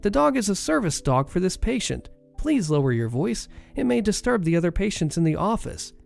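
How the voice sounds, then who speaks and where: A man's voice: high voice, sing-song, brisk, creaky, soft background music, voice pushed up, heavily acted. A man reading a story aloud, voicing a polite, apologetic woman receptionist.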